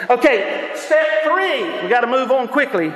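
A man preaching a sermon at a very high pitch, his voice ringing through a large hall with a long echo. He speaks with fervor, shouting as he tells his stories. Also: big pitch swings, measured pace, noisy background. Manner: impassioned, often shouting, laughs between stories. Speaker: pastor. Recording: echoey hall with long reverb.

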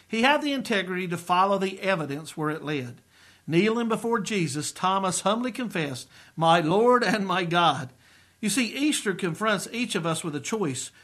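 A middle-aged man preaching in an earnest, emphatic way, slowing down to stress key phrases. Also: sits high, fairly bright tone. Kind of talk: sermon-style teaching.

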